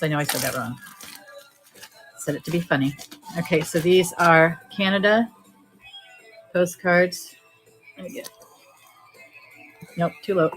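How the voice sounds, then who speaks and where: A woman selling postcards on a live-stream auction, talking briskly and joking as she sorts through stacks. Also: on the low side, fairly bright tone, poor audio. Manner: brisk, joking, thinking aloud while sorting items. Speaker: online auction seller.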